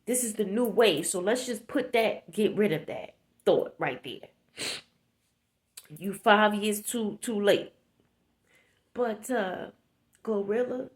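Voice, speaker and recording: A woman vlogger, talking through tears in an emotional, preachy commentary, repeating herself for emphasis. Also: medium pitch. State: tearful, sniffly.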